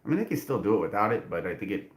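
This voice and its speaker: A man with a lowish voice chats casually on his livestream. He rambles, restarts his sentences and leans on fillers as he goes. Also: big pitch swings, very fast. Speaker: livestream host.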